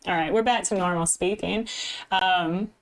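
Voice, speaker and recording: A young woman from the American Midwest with a slightly Canadian-leaning Midwestern accent, chatting casually with her live viewers as a game streamer into a desk mic, self-deprecating and quick to laugh. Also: fairly low pitch. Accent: Midwestern American with a slight Canadian lean. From Midwest United States. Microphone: desk microphone.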